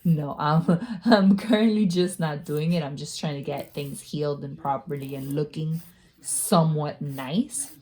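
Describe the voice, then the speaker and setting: A woman talking through a casual nail-care tutorial, chatty and quick to laugh at herself. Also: sits low, steady tone, a little mellow. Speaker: beauty vlogger.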